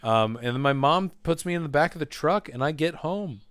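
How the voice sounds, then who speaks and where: A man telling a crude, animated story in casual chat, swearing a lot. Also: fairly high pitch, fairly quick, clear, resonant tone, no room sound.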